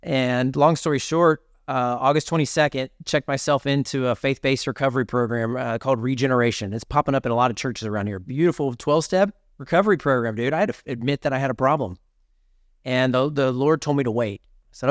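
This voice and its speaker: A man's voice: mid-range voice, a little fast, no room sound. Man, 40s, podcast guest; emphatic and preachy, mid-range voice, dry close mic. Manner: emphatic, preachy, casual "dude" and "brother". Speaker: podcast guest, author and speaker. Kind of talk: energetic storytelling in an interview.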